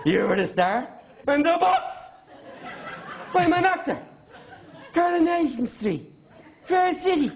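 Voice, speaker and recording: A man's voice: very high voice, a little hiss or hum, pitched above the performer's own voice, heavily acted. A man voicing a cocky male pop singer who talks as if slightly tipsy, laughing through his boasts. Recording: TV studio with audience.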